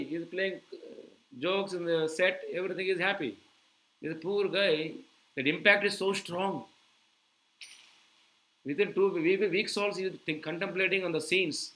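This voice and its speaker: A man preaching to his listeners. His voice sits a little high and rings bright and forceful. He keeps turning to the audience with quick rhetorical questions, animated throughout. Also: poor audio. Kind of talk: sermon.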